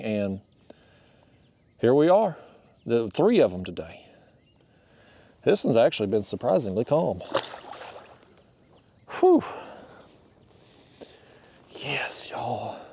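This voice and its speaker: A man, chatting to his viewers in a folksy, excitable way while fishing from a small boat. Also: medium pitch, creaky. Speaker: fishing vlogger. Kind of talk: casual narration while fishing.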